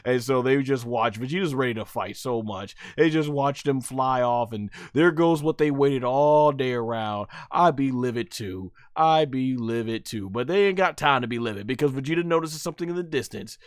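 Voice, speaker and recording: A man hosting a live anime episode review, giving slangy, excitable play-by-play commentary and laughing often. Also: medium pitch, moderate pace, hardly any pauses, smooth, no echo. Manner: slangy, casual. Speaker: anime reviewer, channel host.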